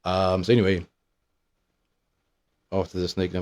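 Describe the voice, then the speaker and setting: A man's voice: low voice, fairly even intonation, moderate pace, darkish tone. A man in his thirties telling a meandering, profanity-laden story in a casual monologue. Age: 30s. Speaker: vlogger.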